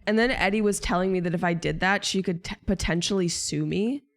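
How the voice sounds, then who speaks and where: A woman's voice: on the low side, brisk. A young woman streamer venting to her viewers in casual chat, exasperated, swearing and rambling.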